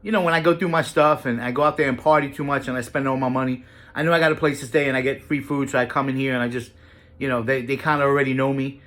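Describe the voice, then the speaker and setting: A carefree young woman explains her routine in a casual, matter-of-fact way, as a man quotes her in his story. Her voice is pitched a little low and unhurried, as if none of it is a big deal. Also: steady tone, a bit bright, lightly acted. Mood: nonchalant. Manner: laid-back, matter-of-fact. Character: offhand young woman, carefree repeat patient.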